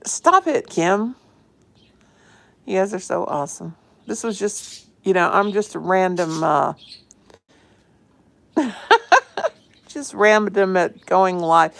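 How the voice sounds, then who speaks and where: A woman's voice: lowish voice, vocal fry, a bit bright. A woman chatting casually and affectionately on a phone live stream from home, greeting viewers and her pets. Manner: chatty, affectionate, fond of pet talk. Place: home, indoors.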